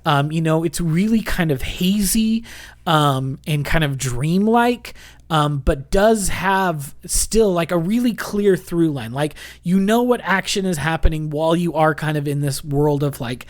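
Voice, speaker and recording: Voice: mid-range voice, measured pace. A co-host on a casual book-discussion podcast, enthusiastic and full of fillers. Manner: enthusiastic, filler-heavy reviewer.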